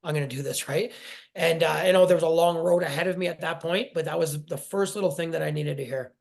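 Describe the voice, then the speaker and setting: A man in his forties telling his personal story in an interview, halting and emotional, often restarting his sentences. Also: on the high side, gravelly, a little mellow. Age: 40s. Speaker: guest.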